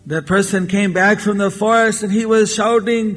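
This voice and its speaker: A man giving a storytelling sermon as a spiritual lecturer, unhurried and acting out the characters in his tale. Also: high-pitched, fairly even intonation, a bit bright. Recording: 1994 lecture tape with long hall reverb.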